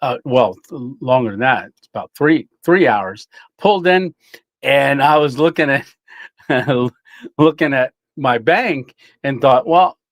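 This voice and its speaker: A middle-aged man chats loosely on a livestream, his talk full of "uh"s and easy chuckles. His voice sits at an ordinary pitch. The sound is dry and close, with no room around it. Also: animated, unhurried, no room sound. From Tennessee, USA. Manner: rambling, chuckling, many fillers. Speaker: livestream host. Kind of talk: casual live chat reading comments.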